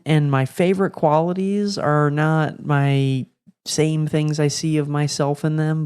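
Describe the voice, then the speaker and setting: A young man hosting a podcast, telling rambling stories in a relaxed, slangy way. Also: a little high, smooth. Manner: laid-back, rambling, slangy with lots of "like" and "bro". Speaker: podcast host. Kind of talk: casual storytelling monologue.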